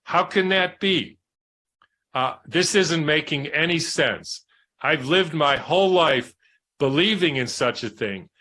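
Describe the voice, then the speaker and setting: A man's voice: fairly high pitch, lively intonation, takes it slowly, sharp tone, full character voice. A man voicing an incredulous veteran male scientist who keeps questioning in disbelief.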